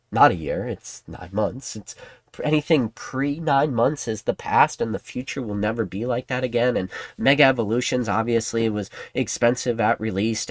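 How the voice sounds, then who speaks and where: A man's voice: medium pitch, no echo. A man hosting a trading card channel, talking in a casual, rambling, conspiratorial way to his viewers. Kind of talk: casual commentary to camera.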